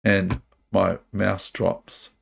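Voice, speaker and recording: A man with a New Zealand accent streaming online chess, muttering to himself as he plays and gently mocking his own moves. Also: low voice, level tone, extremely slow, gravelly, noisy background. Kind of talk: live online chess commentary.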